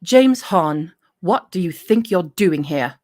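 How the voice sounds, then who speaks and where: A woman's voice: lowish voice, animated, slow pace, a little mellow. Woman putting on a stern Middle Eastern sorceress. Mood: demanding. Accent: attempted Middle Eastern. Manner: stern, suspicious questioning. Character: brusque magical woman with a light Middle Eastern accent.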